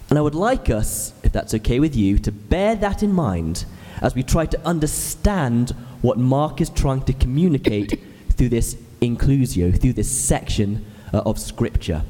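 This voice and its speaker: A man's voice: medium pitch, warm tone, big-room sound. A man in his thirties, an ordinand, preaching a sermon in a church with earnest, explanatory storytelling. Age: 30s.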